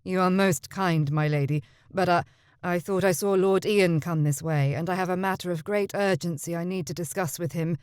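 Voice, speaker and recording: A woman voicing a smooth-talking young gentleman rake with a deep, rich voice. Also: steady tone, normal speed, dry recording, clean studio sound, natural voice. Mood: evasive.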